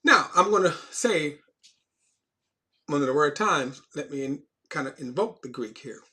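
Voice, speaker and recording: A man teaching an informal Bible lesson in a conversational, unscripted way. His pitch sits a little high for a man, and he repeats and restarts phrases as he leans hard on key words. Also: expressive, a little slow, sharp tone.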